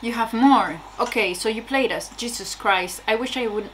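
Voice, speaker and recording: A woman's voice: fairly high pitch, normal speed, slight background noise. A young woman casually reacting aloud to a TV episode, exclaiming, swearing and laughing between remarks. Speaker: reaction video host.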